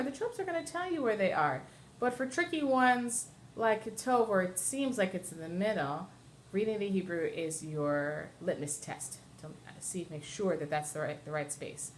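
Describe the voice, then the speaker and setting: A woman's voice: fairly low pitch, slight background noise. Woman cantor teaching chant step by step. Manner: patient, explanatory, step-by-step, breaks into chant. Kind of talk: classroom lesson with sung examples.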